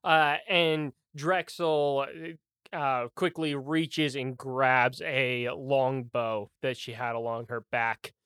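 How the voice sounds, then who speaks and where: Slow, easygoing game master. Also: medium pitch, fairly even intonation, fairly bright tone, clear, resonant tone, dry recording, studio quality. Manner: slow, unhurried narration with frequent fillers and chuckles. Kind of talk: narrating a tabletop game.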